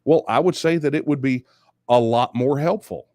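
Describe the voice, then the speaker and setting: A man's voice: medium pitch, normal speed, dark tone, no room sound, clean studio sound. A man hosting a livestream, answering viewer questions in a conversational way, often repeating himself and speeding up when he makes a point. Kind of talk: livestream Q&A talk.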